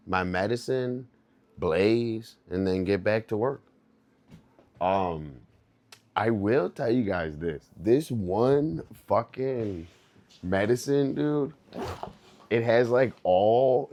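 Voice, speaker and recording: A young man chats loosely with his stream viewers, laughing often and tossing out dude and bro. His voice sits low and he takes his time between words. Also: darkish tone. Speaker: livestreamer. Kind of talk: casual stream chat.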